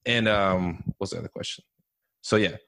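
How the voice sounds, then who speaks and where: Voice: sits low, unhurried, a bit bright. Hesitant podcast host reading out questions. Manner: hesitant, many fillers, reads listener questions. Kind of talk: casual interview chat.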